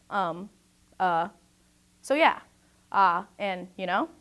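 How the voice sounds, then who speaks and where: Young woman giving a clear spoken lesson. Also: mid-range voice. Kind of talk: scripted informative talk.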